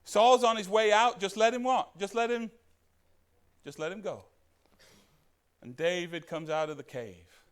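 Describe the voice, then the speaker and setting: A man preaching a sermon as pastor, animated and putting questions to the congregation. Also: sits high, a little slow, long pauses, clear, resonant tone.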